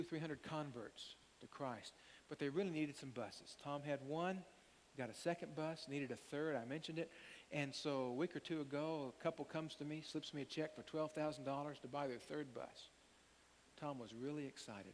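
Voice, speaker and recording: An older man preaching a sermon as pastor, an animated storyteller who acts out the quotes. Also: on the high side. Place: church sanctuary. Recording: long hall reverb, faint hiss.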